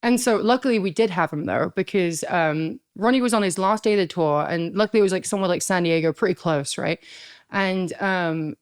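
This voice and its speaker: A woman in her thirties telling a story as a podcast guest, animated, swearing freely and acting out what others said. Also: fairly low pitch, brisk, smooth, no room sound, clean studio sound. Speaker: guest, pro wrestler.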